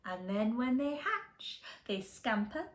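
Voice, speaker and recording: A woman voicing a group of turtles in a gentle rhyme, in an echoey room. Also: on the high side, big pitch swings, slow. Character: turtles telling of egg laying.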